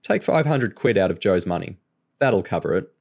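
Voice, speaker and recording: A man voicing a calm, commanding male crime boss, speaking in an even, firm way. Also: deep voice, moderate pace, husky, exaggerated voice.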